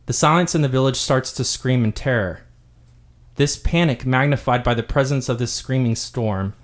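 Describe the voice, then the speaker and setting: A man in his role as game master, narrating a tabletop game backstory with steady, dramatic storytelling. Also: mid-range voice.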